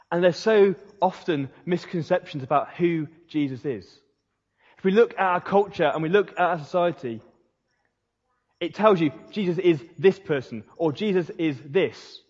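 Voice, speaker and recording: A man's voice: a little high, breathy edge. Man preaching in an echoey hall. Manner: storytelling, animated, dropping to a hushed voice for emphasis. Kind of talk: sermon. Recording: dull sound with long hall reverb.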